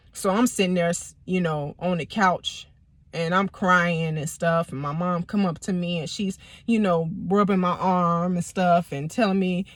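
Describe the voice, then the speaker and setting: A woman telling a personal story in a casual, animated, profane way. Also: medium pitch, no echo. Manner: animated, profane, emphatic retelling. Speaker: vlogger, storyteller.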